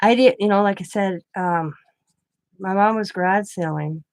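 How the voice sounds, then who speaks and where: A grandmother who runs a craft channel rambles chattily through a personal story, voicing other people's lines herself. Her mid-range voice has a darkish tone and moves at a moderate pace, recorded without echo.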